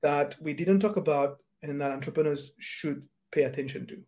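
A man's voice: fairly high pitch, moderate pace, a little mellow. A man hosting an interview, asking questions hesitantly and repeating words as he searches for them. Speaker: interview host. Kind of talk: podcast interview.

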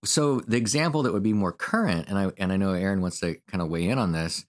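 A man co-hosting a podcast, chatting casually and telling family stories in a relaxed way. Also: low-pitched, fast talker. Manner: relaxed storyteller, acts out family anecdotes. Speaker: podcast co-host. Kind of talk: casual conversational podcast talk.

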